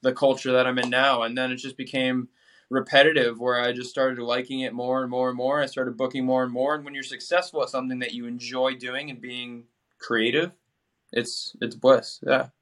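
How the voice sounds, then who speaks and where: A young man from New England talks in a casual interview. He sounds energetic and chatty, and he leans on fillers and restarts as he goes. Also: medium pitch, normal speed. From New England, USA. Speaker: podcast guest.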